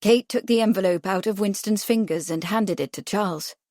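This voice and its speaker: A woman reading a novel aloud in an even, measured way. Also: medium pitch, no room sound, studio quality. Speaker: audiobook narrator. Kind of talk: scripted narration.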